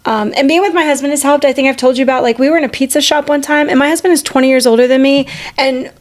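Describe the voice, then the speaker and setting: High-pitched woman in her 40s on a podcast, talks frank and swears a lot, storytelling. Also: fast. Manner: candid, swears freely, animated storytelling. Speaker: podcast host. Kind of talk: casual chat.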